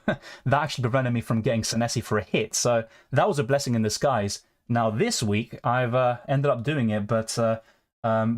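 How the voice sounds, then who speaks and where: A young man chatting casually on a live stream, answering viewer questions in a relaxed, conversational way. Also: mid-range voice. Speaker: fantasy football streamer.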